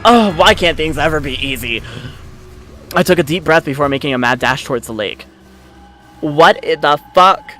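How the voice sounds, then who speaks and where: A man hosts a let's play, narrating a story game and breaking off into excitable, swearing commentary. His voice sits fairly high for a man, and faint game music plays underneath. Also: normal speed, pauses often.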